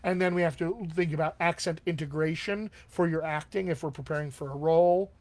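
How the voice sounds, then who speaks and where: A man's voice: fairly high pitch, steady tone, brisk. A man working as a dialect coach, answering viewer questions in a live online session in an upbeat, encouraging way and often checking in with his listeners.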